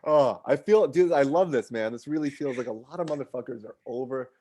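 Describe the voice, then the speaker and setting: Mellow-voiced podcast guest, a man. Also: medium pitch, brisk. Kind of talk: casual chat.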